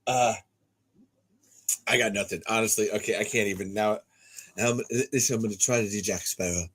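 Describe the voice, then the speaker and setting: A man hosting a podcast, rambling and swearing freely as he sets up and narrates a script read-through. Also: medium pitch.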